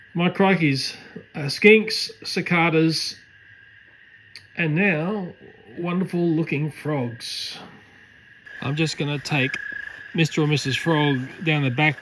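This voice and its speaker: A man's voice: fairly high pitch, fairly bright tone, a little hiss or hum, rough recording. Chatty man filming outdoors at night. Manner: chatty, fond running commentary to animals and camera. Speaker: pet owner filming his cats. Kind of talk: casual vlog commentary. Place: backyard garden at night. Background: faint night ambience with frogs and crickets.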